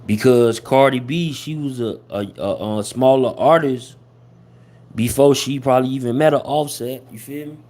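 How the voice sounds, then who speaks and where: A man's voice: medium pitch, normal speed, a little mellow, slight background noise. A man hosting a casual livestream, talking loosely with lots of slang and fillers. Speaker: host of a hip-hop gossip livestream.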